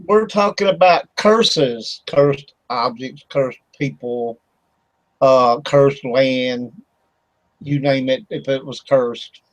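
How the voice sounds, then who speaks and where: A man's voice: medium pitch, slow, no room sound, rough recording. A man hosting an internet radio talk show. He tells a rambling story with lots of fillers and laughter. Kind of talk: casual chat. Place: home studio for internet radio.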